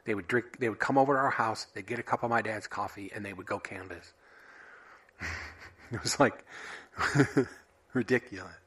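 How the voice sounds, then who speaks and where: A man hosting a solo podcast, sharing random thoughts in a wry, offhand, deadpan way. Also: on the low side, moderate pace, long pauses, husky. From United States. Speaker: podcast host.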